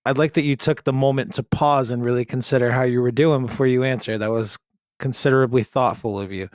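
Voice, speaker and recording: A man's voice: medium pitch, fairly even intonation, brisk, darkish tone, dry recording, clean studio sound. Sarcastic, profane man podcast host. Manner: sarcastic, profane, jokey asides. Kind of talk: casual comedic chat reading a post aloud.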